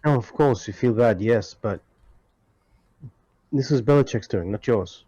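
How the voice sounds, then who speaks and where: A man playing a tabletop game, often speaking in character in a calm, reassuring way. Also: medium pitch, unhurried, breathy edge, no room sound, dull audio. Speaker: player. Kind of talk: casual tabletop game chat.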